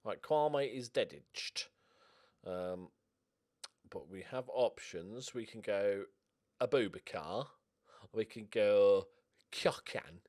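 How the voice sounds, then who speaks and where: A man giving casual gaming commentary as a streamer, getting excited and swearing as he cheers on his team. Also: fairly low pitch, slow, long pauses. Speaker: game streamer.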